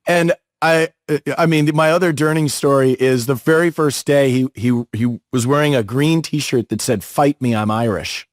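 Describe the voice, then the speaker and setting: Dry-sounding man telling lively stories. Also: medium pitch, moderate pace, hardly any pauses, no echo. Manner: lively storyteller acting out other people's lines. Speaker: podcast co-host. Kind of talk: casual anecdote telling.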